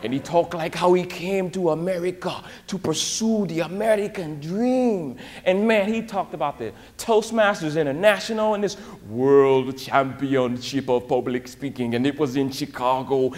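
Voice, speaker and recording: A man mimicking a slow-talking Ghanaian storyteller. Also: on the high side, a little mellow, in a large hall, natural voice. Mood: storytelling. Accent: Ghanaian English (imitated).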